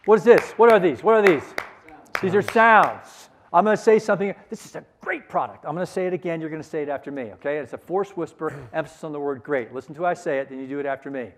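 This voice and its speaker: A middle-aged man leading a sales seminar, energetic and coaxing the audience to repeat phrases after him. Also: fairly high pitch, quick pace. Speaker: sales trainer. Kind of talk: conference seminar talk.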